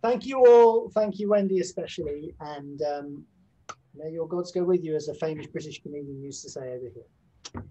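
A man's voice: on the high side, moderate pace, mellow, lo-fi sound. A man hosting an online session, wrapping it up with genial thanks. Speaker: session host. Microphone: video call.

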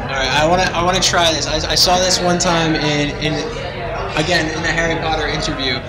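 A man interviewing a musician in a playful, casual way, firing off quick questions. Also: fairly high pitch, fairly even intonation, roomy sound, low-quality recording. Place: outdoor music festival. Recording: crowd noise and music behind.

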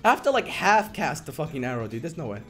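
A young man streaming a game, complaining and swearing, muttering low one moment and shouting the next. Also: very animated, fast. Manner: frustrated, swearing, swings from mumbling to shouting. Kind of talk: live gameplay commentary. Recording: game music behind the voice. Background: game music.

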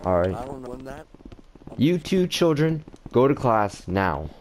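A man's voice: medium pitch, sing-song, takes it slowly, darkish tone. A man gaming online, playing a mock-stern, exasperated teacher and laughing often. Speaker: gaming video host. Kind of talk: playful teacher role-play in online game chat. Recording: busy online voice chat with many players.

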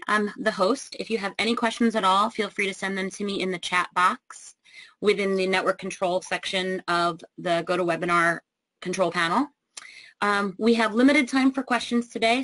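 Woman host for an online webinar, mid pitch, dry close sound, a lot of ums. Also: a bit bright, dry recording, low-quality recording. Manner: frequent ums, reading introductions. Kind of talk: hosting a webinar.

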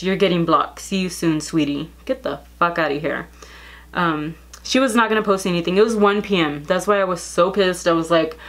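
A woman's voice: lowish voice, fairly bright tone. A woman vlogger telling a storytime in casual gossip, bluntly and with lots of swearing, reading out text messages.

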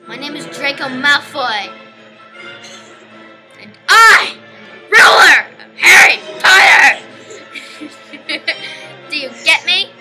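A bratty boy wizard who loudly brags that he rules everyone, as a girl acts him out. The voice is high and sharp-bright, pushed into shouts. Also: expressive, very slow, long pauses, faint music behind, heavily acted. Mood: boastful. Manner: bragging, shouty.

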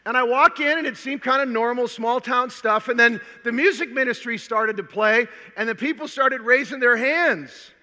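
An older man tells a personal story from a conference stage, animated and humorous. His voice sits very high and sounds strikingly bright. A long reverb from the hall trails behind every phrase. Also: normal speed, few pauses. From Minnesota, USA. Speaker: conference speaker. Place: large hall.

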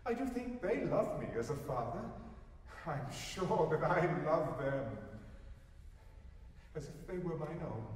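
A man voicing a humble, patient man in love who speaks gently and earnestly, recorded live from afar in a roomy hall. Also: high-pitched, recorded from a distance.

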